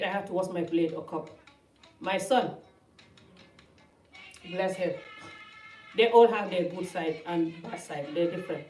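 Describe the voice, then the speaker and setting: A woman's voice: mid-range voice, darkish tone. Chatty woman in an echoey living room. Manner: chatty, rambling, loose grammar. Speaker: vlogger. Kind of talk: casual talk to camera. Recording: roomy, distant, faint music behind.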